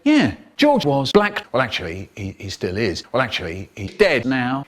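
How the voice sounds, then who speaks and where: An older man narrating a comic story theatrically, swinging between hushed asides and sudden bursts. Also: medium pitch, very animated, moderate pace, hardly any pauses.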